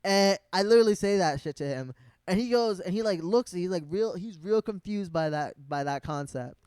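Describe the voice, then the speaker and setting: A man's voice: sits high, moderate pace, clear, resonant tone, no room sound. Rambling, filler-heavy man telling a story. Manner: animated when the story peaks. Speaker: vlogger. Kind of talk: casual storytelling.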